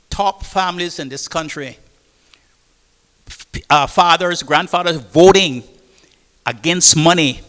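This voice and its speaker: A man's voice: a little high, bright, forceful tone. An older man with a Caymanian accent, a former seafarer telling stories to an audience, rambling and repeating words as he goes. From Cayman Islands. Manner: rambling, repeats words and restarts, acts out quotes. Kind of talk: storytelling talk. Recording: reverberant hall.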